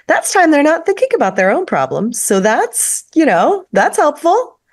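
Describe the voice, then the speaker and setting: A woman, a parent, speaking as a podcast guest in a wry, deadpan, thoughtful way. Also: high voice, normal speed. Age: adult with a child. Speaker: guest, political activist and writer. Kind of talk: casual podcast chat.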